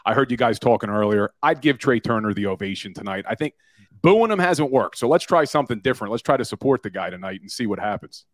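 A man's voice: mid-range voice, fast talker, no room sound. A man of forty, a former lawyer turned podcaster, telling stories with energy in a casual sports talk interview. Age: 40s. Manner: energetic, storytelling, self-deprecating.

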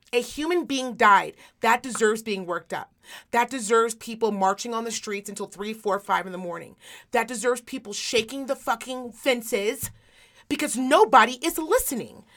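Medical worker lady on a podcast, worked up and swearing, voice sits kinda high. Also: fairly bright tone. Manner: emphatic, heated, frequent swearing. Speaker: podcast host. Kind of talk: impassioned casual talk.

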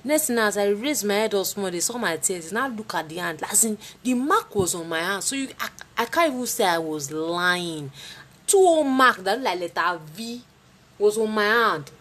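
A young woman with a Nigerian accent telling a personal story in a casual, dramatic way, with sudden leaps in pitch. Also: moderate pace. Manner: lively, dramatic retelling with sudden jumps in pitch.

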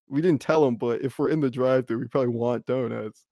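A young man spins a rambling, laugh-filled anecdote with a gravelly, creaky edge to his voice. He talks loosely and piles up filler words. The sound is close and dry, with no room around it. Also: medium pitch, brisk, a little mellow, no echo. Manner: rambling, full of "like", breaks into laughter. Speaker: podcast co-host. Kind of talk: casual storytelling chat.

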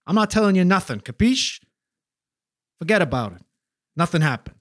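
Man putting on a swaggering South Jersey street guy, cagey and cursing, high lively voice, dry sound. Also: normal speed, no room sound. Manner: swearing, tough-guy slang, cagey. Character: defensive streetwise South Jersey male witness.

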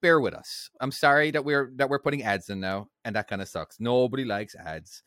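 A man chatting loosely as a podcast co-host, trailing off and restarting with little laughs. His voice sits at an ordinary middle pitch, recorded close and dry with no room sound. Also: brisk, fairly bright tone, no room sound. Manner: rambling, self-interrupting, chuckly. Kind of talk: casual chat.

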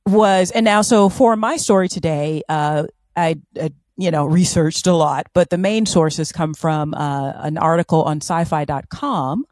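Playful lady podcast cohost, lowish voice, dry close mic, casual storytelling. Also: measured pace, few pauses, no room sound. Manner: animated, playful, fond of silly voices. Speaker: podcast co-host.

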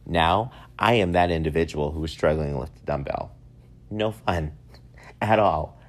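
A man in his thirties hosting a casual solo podcast, telling stories in an animated, self-mocking way. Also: rumbling low, unhurried. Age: 30s. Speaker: podcast host.

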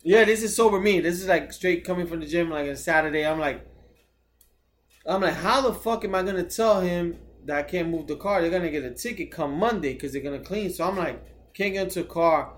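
High-voiced man telling a rambling story. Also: brisk. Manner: rambling storyteller, swears a lot, self-mocking. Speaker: podcast co-host. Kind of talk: casual podcast chat.

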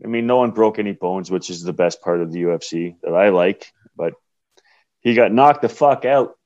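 A man's voice: low-pitched, normal speed, a little mellow. A man hosts a loose sports podcast chat, laughing often and swearing with brash delight. The sound is a bit dull and lo-fi. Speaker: podcast host.

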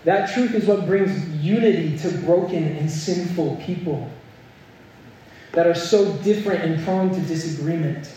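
Unhurried and dark in tone, though on the high side, a young man's voice carries a sermon built around a story and rising to earnest, emphatic points. A distant mic in an echoey hall picks it up, along with a little hiss or hum.

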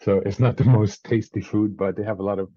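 A man from Central Virginia, with an accent mixing in a slight French tinge, guests on a podcast in a casual interview, laughing often and cursing freely. His voice is fairly low, mellow, fairly even in intonation and a little fast; the recording is dry with the highs cut off.

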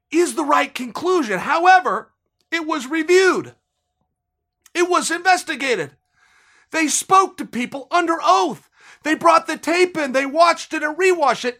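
A man's voice: extremely high pitch, bright, forceful tone. A man hosting a sports podcast, talking in an emphatic, indignant way and repeating phrases for emphasis. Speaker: podcast host. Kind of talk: heated sports commentary.

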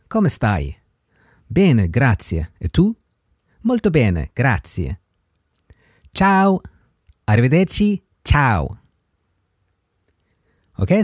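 A man's voice: dry recording, clean studio sound. A man hosting a language podcast, patiently teaching basic Italian greetings. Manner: slow, patient, lively pitch when modeling words. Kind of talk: slow language lesson.

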